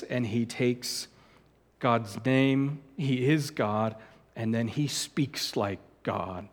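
A long reverb tail trails this pastor's mid-range voice as he delivers his sermon. Earnest and emphatic, he drives his points home through repetition and breaks into sudden outbursts.

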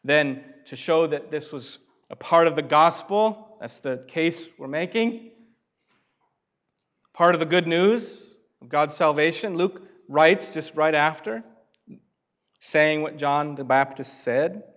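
A man preaching a sermon, reading scripture and rising to loud emphasis on key phrases. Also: on the high side, slow pace. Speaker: pastor. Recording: dull lo-fi sound.

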